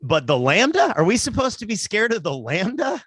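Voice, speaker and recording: Bright, rambling male comedian. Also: sits high, huge pitch swings, brisk, slightly rough, dry recording. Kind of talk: stand-up comedy.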